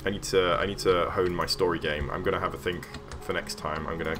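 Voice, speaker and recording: Over background music, a man streams casually as he builds a game level, his low voice fast with fairly even intonation. He rambles through a story packed with ums and self-corrections.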